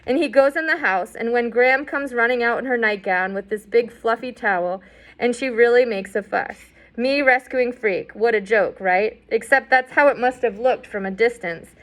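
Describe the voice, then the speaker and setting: A woman's voice: on the high side, a bit bright. A woman reading a novel aloud in a conversational way, with asides and fillers. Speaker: audiobook reader.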